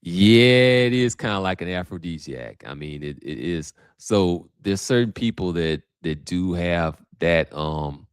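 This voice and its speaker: Deep-voiced man on a livestream. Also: expressive, a little slow, hardly any pauses, smooth, no echo, clean studio sound. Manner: casual, thinking aloud with many restarts and fillers. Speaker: host. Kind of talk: livestream commentary.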